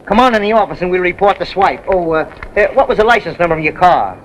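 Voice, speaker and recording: A slangy used-car dealer. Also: male voice, high voice, animated, fast, a little hiss or hum, low-quality recording. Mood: wheedling. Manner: slangy, wheedling sales patter. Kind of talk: 1930s film comedy acting.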